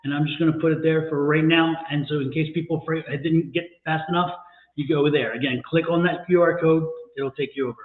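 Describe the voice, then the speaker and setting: Brief: upbeat, high-pitched man hosting a livestream, coaxing viewers step by step, echoey phone-like sound. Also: steady tone, quick pace. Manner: upbeat, urging viewers with repeated instructions. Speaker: tarot reader co-host. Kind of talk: livestream chat.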